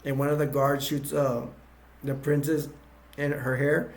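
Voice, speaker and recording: A man's voice: medium pitch, flat delivery, a little slow. A man casually retelling a movie's plot in a rambling way, with many restarts and fillers. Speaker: movie reviewer.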